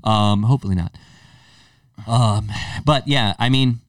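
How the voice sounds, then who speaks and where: Male podcast co-host, lively storyteller who acts out his quotes, sits back from a dry mic. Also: on the low side, measured pace, no echo, recorded from a distance. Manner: animated storyteller, acts out quotes, many restarts. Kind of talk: casual storytelling chat.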